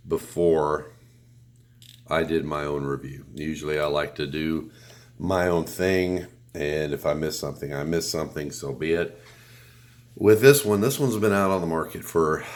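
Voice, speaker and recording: A man with a cold and a deep, announcer-like voice, giving a relaxed, rambling product review with blunt remarks and some swearing. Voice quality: deep radio announcer sound. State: has a cold.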